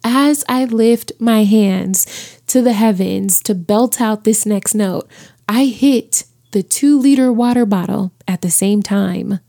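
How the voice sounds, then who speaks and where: A woman podcast host telling a personal story in a lively, chatty way, talking straight to her listeners. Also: medium pitch, vocal fry.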